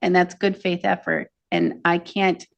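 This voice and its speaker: A woman's voice: lowish voice, expressive, unhurried, gravelly, highs cut off. A woman judge presiding over a courtroom hearing, speaking firmly and formally as she administers oaths.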